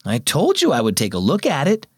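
Guy reading a tired kind dad, gentle and reassuring, dry close sound. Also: on the high side, wildly swooping pitch, fairly quick, husky, no room sound, exaggerated voice. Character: kind, tired, faithful father.

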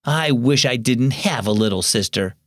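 A man's voice: mid-range voice, lively intonation, moderate pace, no echo, studio quality, lightly acted. A man voicing a bossy, resentful young girl who snaps at her little sister in a radio story. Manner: sharp, resentful.

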